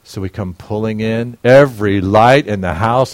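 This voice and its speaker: Animated older preacher man telling stories. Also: on the high side, normal speed, hardly any pauses, smooth, dry recording. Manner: animated storyteller, swings into loud excited telling. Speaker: pastor. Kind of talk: sermon storytelling.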